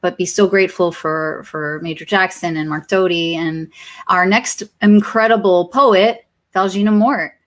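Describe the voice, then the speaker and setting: A woman's voice: lowish voice, measured pace, a bit bright. A woman hosting an online poetry event, gushing and emotional, talking with many fillers over a video call. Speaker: event host. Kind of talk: casual hosting.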